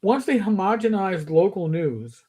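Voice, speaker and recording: A man's voice: high voice, expressive, unhurried, a crowd in the background. A man with a New York accent co-hosting a casual livestream chat, opinionated and explaining his points at length. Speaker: co-host.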